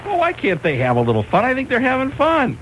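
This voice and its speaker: A man's voice: very high voice, huge pitch swings, fast talker, fairly bright tone, slight background noise, low-quality recording. A man as a radio co-host, laid-back and wry in casual banter. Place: radio studio.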